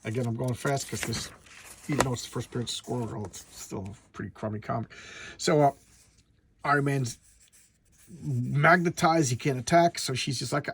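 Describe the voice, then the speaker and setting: A man's voice: mid-range voice, normal speed, fairly bright tone, a little hiss or hum. A man reviewing an old comic book in a casual, blunt, rambling way, often restarting his sentences.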